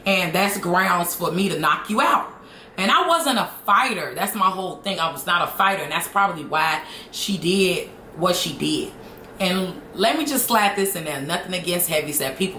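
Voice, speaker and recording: A woman in her thirties tells a story straight to her viewers, animated and emphatic in a loose, casual chat. Her voice sits a little low yet bright and forceful. The room around her is echoey. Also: normal speed, a little hiss or hum. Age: 30s. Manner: animated, emphatic, keeps addressing viewers directly. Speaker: vlogger.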